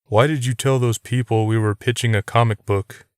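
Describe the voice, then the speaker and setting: A man's voice: medium pitch, fairly even intonation, normal speed, smooth, dry recording, studio quality, lightly acted. A man reading the part of a bitter young man who speaks in a strained, barely controlled way. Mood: tense. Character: young man, tense, holding back rage.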